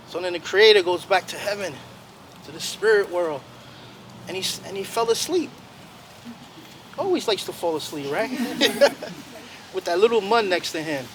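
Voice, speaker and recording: A man telling a traditional animal story to a group outdoors, animated and playful. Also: high-pitched, normal speed, pauses often. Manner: animated, playful, chatting with listeners. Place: outdoors by a road. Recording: loud outdoor traffic noise. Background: traffic noise.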